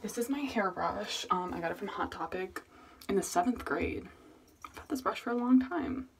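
A woman's voice: mid-range voice, expressive, normal speed, gravelly, a little hiss or hum. A woman vlogging at home in a casual, rambling, self-mocking way, muttering asides to herself. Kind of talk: casual chat. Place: at home, indoors.

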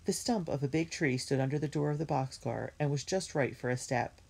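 A woman reading a children's chapter book aloud in a measured, gentle way. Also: sits low, gravelly, breathy edge. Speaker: reader.

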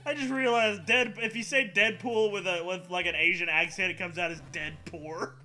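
A man's voice: high-pitched, steady tone, normal speed, sharp tone. A man co-hosting a game stream, chatting casually and joking, laughing between his remarks. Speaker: stream co-host. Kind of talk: casual gaming chat.

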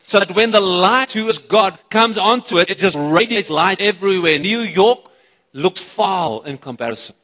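A man with a South African accent preaching a sermon, excitable and chatting with the congregation between points. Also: high-pitched, moderate pace. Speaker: pastor. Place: church auditorium. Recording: reverberant church hall.

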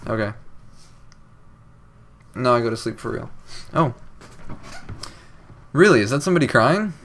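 A man's voice: medium pitch, lively intonation, unhurried, a bit bright, a little hiss or hum. Sarcastic young man joking through a game. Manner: sarcastic, jokey, reads game text with odd inflections. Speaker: let's play commentator. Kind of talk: casual game commentary reading dialogue aloud.

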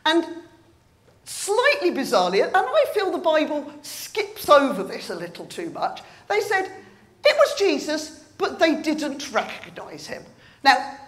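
A woman delivers a light-hearted sermon, her voice sitting a little high and swinging widely in pitch. She tells the story with playful energy. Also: measured pace. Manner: animated storytelling, acting out voices. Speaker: preacher. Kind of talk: humorous sermon. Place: church.

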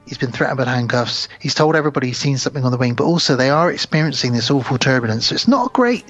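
A man's voice: mid-range voice, fairly bright tone, highs cut off. A man co-hosting a podcast, retelling a film's plot in casual chat and acting out the characters' lines. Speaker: podcast co-host. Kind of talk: casual film recap chat.

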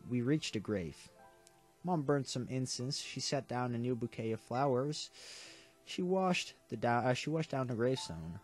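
A man narrates a visual novel aloud for his let's play audience at an average pitch. His reading is earnest, with the occasional stumble and quick self-correction. Soft game music sits faintly behind him.

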